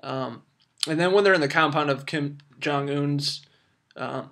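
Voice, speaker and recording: A man's voice: on the high side, measured pace, pushed and bright. A young man giving a casual, rambling film review full of fillers and restarts. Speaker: movie reviewer.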